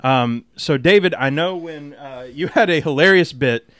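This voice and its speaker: A man hosting a podcast in casual chat, often laughing and filling pauses with "uh". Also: fairly high pitch, fairly bright tone. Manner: giggly, filler-heavy. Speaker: podcast host.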